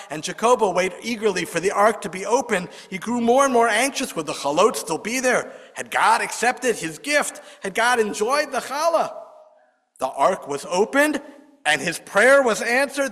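A man telling a folk tale aloud, expressive, lifting his voice for the characters' lines. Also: high-pitched. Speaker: storyteller. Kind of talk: oral storytelling. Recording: long hall reverb.

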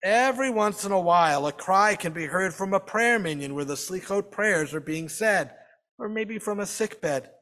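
A man delivers a storytelling sermon at a Sabbath service, unhurried and dramatic, leaning into slow, drawn-out phrases. His voice sits somewhat high, and a long hall reverb trails behind each line. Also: a bit bright.

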